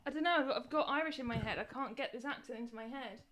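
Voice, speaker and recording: A woman's voice: sits high, very fast, a bit bright. A woman co-hosting a live stream with casual chat, teasing her husband and laughing. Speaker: live show co-host.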